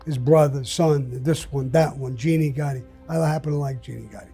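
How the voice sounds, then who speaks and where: A man's voice: mid-range voice, steady tone, a little fast, mellow, faint music behind. An older man telling stories as an interview guest, blunt and profane. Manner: blunt, profane, gravelly storytelling. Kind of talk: storytelling in an interview.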